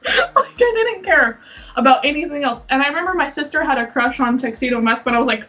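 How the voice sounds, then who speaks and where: A woman's voice: high voice, lively intonation, fast talker, pushed and bright, recorded from a distance. A young woman co-hosting a casual podcast, rambling and giggling as she chats. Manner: giggly, rambling, often breaks into laughter. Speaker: podcast co-host. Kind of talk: casual chat. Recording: dull lo-fi sound from off mic, faint music.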